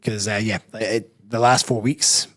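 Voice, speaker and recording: A man's voice: fairly low pitch, steady tone, measured pace. A Scottish man, a personal trainer and bodybuilder, talking candidly as a guest in a casual interview, often restarting his sentences. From Scotland. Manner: candid, rambling, self-correcting.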